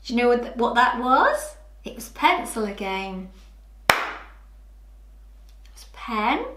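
A woman teaching a lesson to young children, speaking slowly and clearly in an encouraging, sing-song way. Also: fairly high pitch, sing-song, echoey room, very noisy. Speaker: early years teacher.

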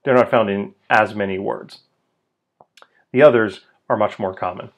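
Male language teacher, lowish voice, unhurried, repeats words for drills. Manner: slow, deliberate, repeats words for learners. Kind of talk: pronunciation lesson.

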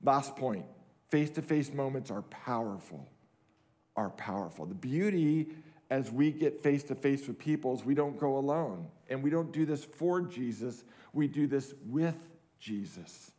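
A middle-aged man delivers a camp sermon in an earnest, steady voice of medium pitch. He drives points home by repeating short phrases. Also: moderate pace. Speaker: camp speaker. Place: camp meeting hall.

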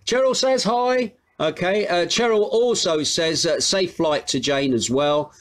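A man's voice: a little high, a little slow. A British man hosting a casual live stream from home, rambling and chuckling as he reads out viewers' comments. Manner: chatty, rambling, chuckles often.

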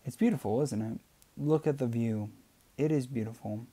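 A man's voice: mid-range voice, normal speed, warm tone, lightly acted. A man playing a confident, firm father. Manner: firm, reassuring. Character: confident, reassuring father on vacation.

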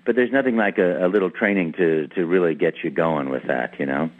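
A man in his fifties, a voice actor guest in an interview, telling a story in an animated way with lots of repeated words and restarts. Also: deep voice, a little fast. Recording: tinny phone-like radio line.

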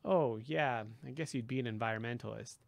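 A wry, blunt teenage boy who fires off quick questions in a slightly raised, gravelly voice, as a male reader puts him on. The sound is close and dry, with no echo. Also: medium pitch, lightly acted. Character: sarcastic teenage boy hero, blunt and curious.

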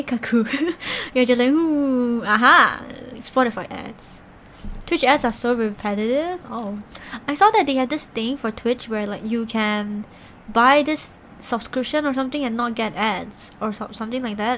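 A woman's voice: fairly high pitch, animated, moderate pace, a little hiss or hum. A woman streamer talking casually with her chat, rambling with lots of filler words and laughs.

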